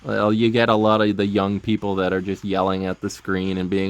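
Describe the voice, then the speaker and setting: A man's voice: on the low side, completely flat delivery, brisk, hardly any pauses, clean tone, no room sound. A man giving casual, self-deprecating commentary over his own gameplay, rambling with lots of ums. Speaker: gaming video host.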